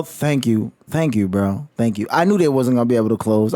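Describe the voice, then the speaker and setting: A man's voice: mid-range voice, lively intonation, a little fast, mellow, no room sound, studio quality. A man vlogging about college football in a heated, slangy rant full of swearing. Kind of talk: casual profane rant.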